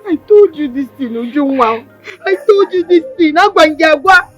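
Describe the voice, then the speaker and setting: A woman's voice: sits high, expressive, moderate pace. An actress playing a dramatic young village woman who scolds her friend, with a Nigerian accent and pidgin phrases. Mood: scolding. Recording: dull sound with music behind.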